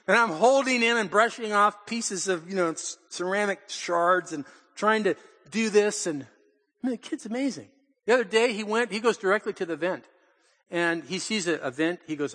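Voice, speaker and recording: Older male pastor, high-pitched and animated, storytelling sermon, long reverb in a church. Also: moderate pace. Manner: animated, acts out quotes, laughs often. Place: church in Portland.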